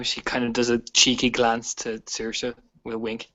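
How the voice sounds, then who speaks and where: A man's voice: mid-range voice, completely flat delivery, normal speed, pushed and bright, lo-fi sound. A man casually narrating and voicing his character in a tabletop game, with hedges and small laughs. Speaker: player.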